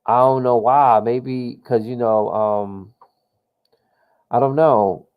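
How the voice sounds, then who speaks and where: A man's voice: medium pitch, fairly even intonation, slow, clear, resonant tone, narrow, tinny audio. A man giving casual live commentary while playing a political simulation game, thinking aloud with lots of fillers and restarts, and dropping slang like "yo". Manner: slang-heavy, exclaims "yo" often. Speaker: gamer playing a political sim.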